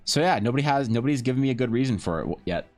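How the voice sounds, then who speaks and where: A man talks loosely to his viewers while he sketches, drifting between topics and swearing freely. His pitch sits mid-range, and faint music plays under his voice. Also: lively intonation, rapid-fire, a little mellow. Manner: loose, rambling, profane banter. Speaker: livestreaming artist. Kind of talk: casual stream chat while drawing.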